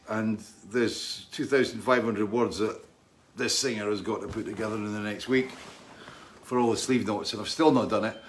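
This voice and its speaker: A man's voice: medium pitch, slight background noise. Rambling friendly male livestream host. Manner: rambling, friendly, reads out viewer names. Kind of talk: casual live-stream chat.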